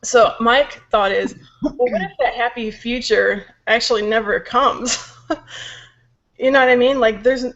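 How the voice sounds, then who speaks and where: A young woman co-hosting a podcast vents in casual chat, her sore-throated voice a little high, fairly bright and unhurried. She's tired and frustrated and swears when anger takes over, all captured in a dull lo-fi recording.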